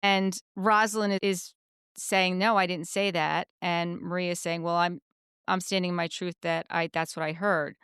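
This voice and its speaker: A woman's voice: on the low side, unhurried, clean tone, no room sound, clean studio sound. A woman co-hosting a podcast, recapping episodes in casual chat and acting out what people said. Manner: animated storyteller, acts out quotes. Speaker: podcast co-host.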